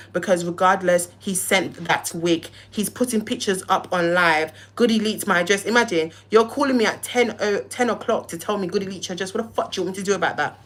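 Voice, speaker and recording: A woman's voice: mid-range voice, fairly bright tone. A young woman, hosting a livestream and heatedly telling a story, cussing and acting out both sides of phone calls. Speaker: live-stream host.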